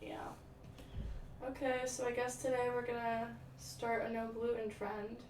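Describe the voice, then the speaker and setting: A young woman chats on a livestream in a dramatic, swear-heavy way, with lots of "like" and "um." Her voice sits a little high and sounds set back from the mic. The room gives it an echo over faint ambient noise. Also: little pitch movement, a little slow, darkish tone, distant mic. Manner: chatty, dramatic, swears freely, many "like" and "um" fillers. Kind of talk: casual chat, answering viewer comments.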